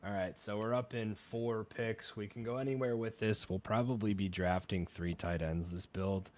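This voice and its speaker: A man's voice: on the low side, fairly even intonation, moderate pace, a little mellow. A man co-hosting a live fantasy football draft stream, chatting casually with dry, laid-back one-word replies. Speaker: podcast co-host.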